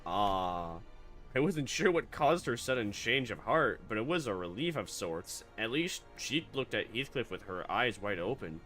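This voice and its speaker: Soft music plays behind a male VTuber as he narrates a video game's story aloud and jokes about it sarcastically, laughing a lot. His lowish voice keeps a moderate pace, and his let's-play commentary stays animated.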